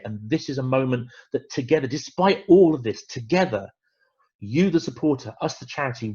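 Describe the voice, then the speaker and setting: A man presenting a fundraising webinar, emphatic and animated, repeating words for stress. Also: medium pitch, breathy edge, dull audio.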